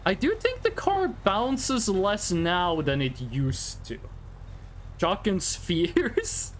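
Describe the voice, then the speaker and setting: Very slow and high-pitched with big pitch swings, this man's voice carries a little hiss or hum. He's casually live-streaming a driving game, joking around, rambling and humming bits of tunes.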